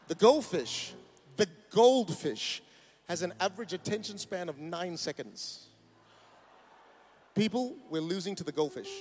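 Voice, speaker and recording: A man's voice: high-pitched, darkish tone. A man, preaching a sermon in a church, emphatic and rousing with joking asides. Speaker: pastor. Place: church auditorium.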